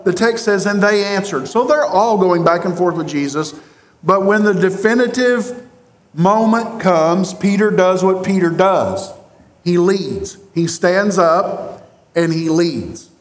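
A man with a fairly high voice preaches a sermon slowly and deliberately. He presses his points with rhetorical questions and pauses. The sound is roomy and echoey, as in a church sanctuary. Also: lively intonation. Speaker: pastor. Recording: roomy echo.

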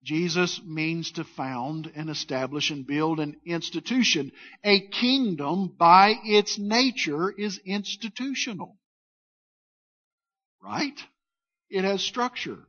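High-voiced preacher, slow and emphatic. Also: male voice, animated, a bit bright. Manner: emphatic preaching with call-and-response and slow weighty phrases. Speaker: pastor. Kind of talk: sermon. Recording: dull lo-fi sound.

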